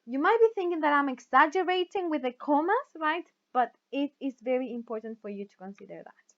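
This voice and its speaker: A woman teaching English grammar in a recorded video lesson, whose first language is Spanish. She reads example sentences aloud slowly and often checks with the class by asking "right?". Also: sits high, lively intonation, muffled recording.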